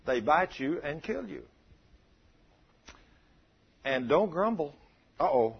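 A man preaching a sermon, calling out to his congregation and acting out prayers in an animated way. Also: on the high side, slow pace, vocal fry, breathy edge, muffled recording.

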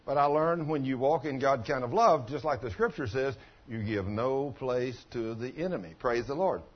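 Husky-voiced pastor telling folksy stories. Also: male voice, mid-range voice, moderate pace, highs cut off. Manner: folksy storytelling, asks the congregation questions. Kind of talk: sermon.

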